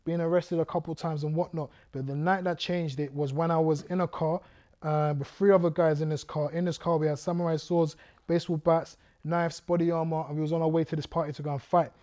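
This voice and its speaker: A man's voice: on the high side, level tone, fairly quick, warm tone. A man, a guest speaker vividly telling his life story to an audience, acting out scenes and drawing the listeners in. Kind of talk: testimony storytelling to a youth audience.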